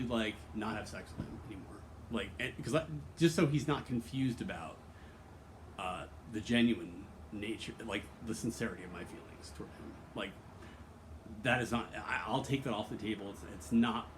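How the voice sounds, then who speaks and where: A man at a middle pitch pours out a rambling personal confession. His talk is candid and earnest, laced with swearing, and full of false starts and fillers as he circles his point. A faint hum of background noise sits under his voice. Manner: earnest and emotionally open. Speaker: vlogger.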